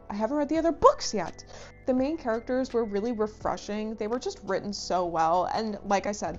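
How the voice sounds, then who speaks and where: A woman's voice: fairly high pitch, a little mellow, dull audio. A young woman hosting a book review vlog, chatting casually in a bubbly, gushing way with lots of "like" fillers. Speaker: book reviewer and channel host.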